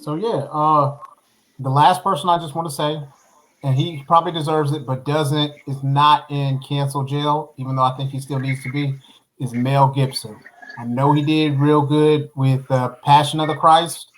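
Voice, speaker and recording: A man's voice: on the high side, steady tone, moderate pace, low-quality recording. A man co-hosting a casual chat show, giving frank opinions. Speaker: podcast co-host.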